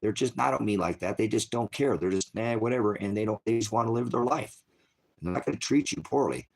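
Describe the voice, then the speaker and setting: An American man with a deep, low voice rambles through a casual livestream chat. He restarts his sentences often and fills the gaps with "you know.". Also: expressive, fairly quick, gravelly, breathy edge. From United States. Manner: rambling, loose, full of fillers and restarts. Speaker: channel host.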